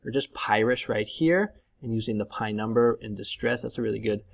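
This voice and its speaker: A man from California talking through a casual screen-share tutorial, relaxed and chatty with plenty of ums and likes. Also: on the low side, brisk, vocal fry. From Northern California. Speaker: YouTube print-on-demand tutor.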